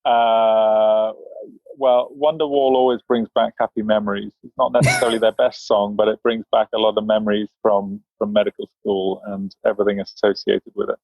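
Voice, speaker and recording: British male physician, 50s, measured and dry, level low voice, muffled dry recording. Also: little pitch movement, no room sound. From England. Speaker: guest physician. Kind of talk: interview answers.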